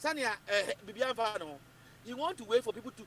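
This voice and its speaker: A Ghanaian man holds forth on politics in a high voice that swoops up and down. He talks emphatically and keeps repeating his points. He drifts between English and Twi as he argues. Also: animated, a little fast, fairly bright tone. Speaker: political commentator. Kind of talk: animated political talk.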